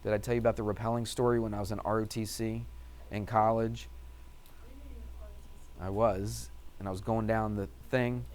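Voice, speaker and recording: A man's voice: on the low side, a little mellow, slight background noise. A man teaching a math class, asking the students questions and telling a personal story in a chatty way. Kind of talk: classroom lecture with anecdote.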